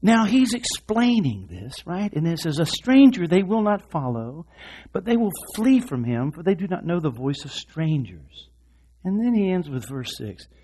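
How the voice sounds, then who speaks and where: A man preaching a sermon, talking straight to the congregation in an animated way, dropping to a hush and then rising loud, with quick asides to the crowd. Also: fairly high pitch, husky. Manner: animated, swinging from hushed to loud.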